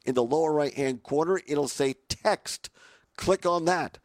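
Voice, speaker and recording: A male radio host with a hoarse, raspy voice and a slightly raised pitch talks live from a remote broadcast. He chats in an upbeat way, full of fillers and restarts. The sound is dry and close, with little room around it. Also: a little slow, no room sound. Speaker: radio talk show host.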